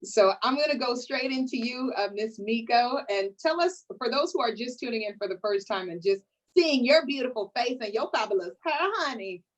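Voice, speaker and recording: A playful, sassy woman hosts a lively online panel, teasing her guest and reading out sponsors. Her voice sits a bit high for a woman, and she keeps calling people honey. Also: normal speed, hardly any pauses, low-quality recording. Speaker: host. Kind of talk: lively hosted panel talk.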